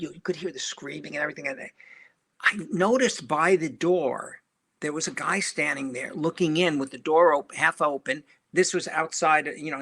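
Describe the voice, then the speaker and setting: An older man, a film director, telling anecdotes in an interview and acting out the voices of people in his stories. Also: on the high side. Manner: animated storyteller who acts out quoted voices.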